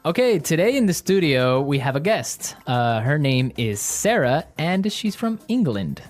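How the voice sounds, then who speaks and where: A man's voice: a little high, measured pace, faint music behind. A man hosting an English lesson podcast, chatting casually and joking. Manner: relaxed, joking, conversational. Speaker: podcast host.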